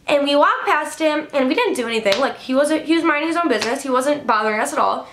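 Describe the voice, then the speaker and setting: A woman's voice: high-pitched, lively intonation, fast talker, roomy sound, background noise. A young woman from Illinois telling casual storytime tales, full of "like" and swearing. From Illinois, USA. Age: young adult. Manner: chatty, swears a lot, heavy filler "like". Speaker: vlogger.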